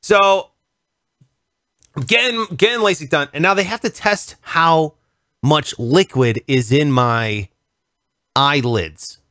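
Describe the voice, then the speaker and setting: A male radio host in casual conversation, telling a story in an animated way and acting out voices and sounds. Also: fairly high pitch, takes it slowly, long pauses, no room sound, studio quality. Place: radio studio.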